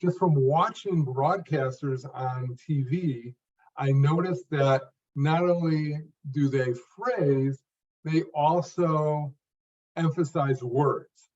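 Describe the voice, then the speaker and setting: Older man, slightly high voice, deliberate phrase-by-phrase delivery, dull distant video-call sound. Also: darkish tone. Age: 50s or older. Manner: speaks in distinct phrases, stressing a word near each phrase end. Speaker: stuttering coach and guest. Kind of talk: interview answer, explaining his method.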